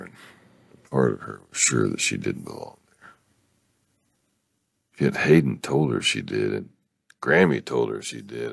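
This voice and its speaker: Man reading a book out loud, super deep voice, husky, dry sound. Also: no echo. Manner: unhurried, breathy, with slips and restarts. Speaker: book reader. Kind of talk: reading a novel aloud with commentary.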